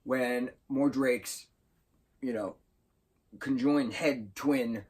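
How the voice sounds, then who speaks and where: A man talks through a book review in a loose, enthusiastic ramble, catching and fixing his words as he goes. His voice sits at a middling pitch with a husky edge. It sounds like an informal chat rather than a script. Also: drawn-out words, darkish tone. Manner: enthusiastic, rambling, with self-corrections. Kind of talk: casual spoken book review.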